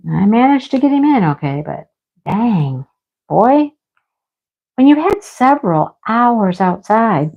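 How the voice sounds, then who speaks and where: A woman's voice: fairly low pitch, expressive, measured pace. Chatty woman telling a story. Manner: chatty, rambling, scolding asides. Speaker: livestream host. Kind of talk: casual storytelling on a livestream. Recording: slightly dull lo-fi sound.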